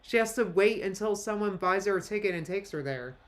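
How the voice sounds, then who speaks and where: A woman's voice: medium pitch, expressive. Woman streamer, casual reaction commentary, chatty and rambling. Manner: chatty, rambling, quick asides with laughs. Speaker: live-stream reaction host.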